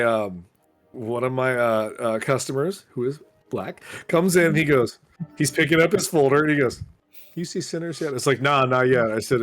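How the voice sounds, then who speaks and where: A man co-hosting a podcast, telling stories from his shop in a casual, swearing way and quoting customers. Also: mid-range voice. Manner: animated, swearing, quotes customers in voices. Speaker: podcast co-host, comic shop worker. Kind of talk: casual storytelling chat.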